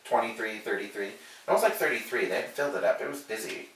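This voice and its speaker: A man's voice: lowish voice, fast talker, distant mic, slight background noise. A man, a hairdresser, telling a story in a casual, profane way and acting out the quotes, recorded in an echoey room away from the mic. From Alaska. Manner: animated, profane, acts out quotes.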